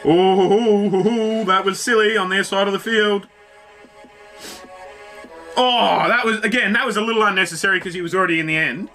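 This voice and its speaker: Excitable man, bright high voice. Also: moderate pace, soft background music. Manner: excitable, swears freely, talks to the screen. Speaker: reaction video host. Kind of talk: casual reaction commentary.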